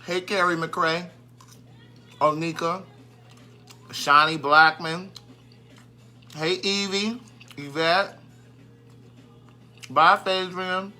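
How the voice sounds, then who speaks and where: A man's voice: sits high, fairly even intonation, very slow, long pauses, sharp tone, soft background music. A man hosting a casual live stream, chatting and greeting viewers by name, and easily sidetracked.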